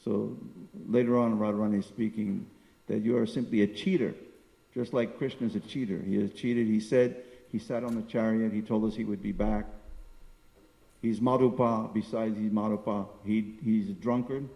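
Older male preacher, low gravelly voice, discursive sermon, reverberant hall. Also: fairly even intonation, normal speed, dark tone. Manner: discursive, searching for words, reciting Sanskrit verses. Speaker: spiritual teacher. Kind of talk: sermon on scripture.

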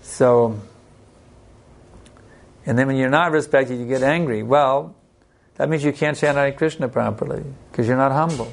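Male religious teacher, gravelly mid-range voice, unhurried plain-spoken delivery with anecdotes. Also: mid-range voice. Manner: unhurried, plain-spoken, tells personal stories. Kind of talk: devotional scripture class talk.

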